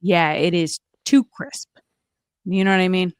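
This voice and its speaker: A podcast co-host chatting casually, she has a clean, low-leaning voice and speaks a little slowly. Lots of "like" fills her talk, along with playful voices when she quotes others. The studio sound is clean, with no room sound.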